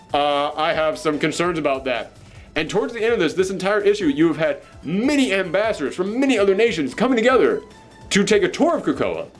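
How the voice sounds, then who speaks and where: A man giving casual commentary as a comic book reviewer, animated and incredulous as he recaps the story. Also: a little high.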